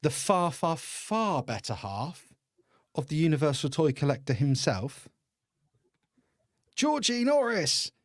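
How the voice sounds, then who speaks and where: A man's voice: a little high, animated, a little slow, no echo, clean studio sound. An English man hosting a casual live-stream podcast, chatty and laughing often as he greets viewers. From England. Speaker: podcast host.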